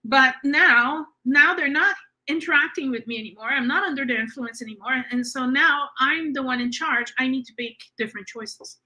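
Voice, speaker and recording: High, bright-voiced woman host. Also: moderate pace. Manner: earnest and reassuring, with frequent fillers. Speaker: podcast host. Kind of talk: casual spiritual conversation.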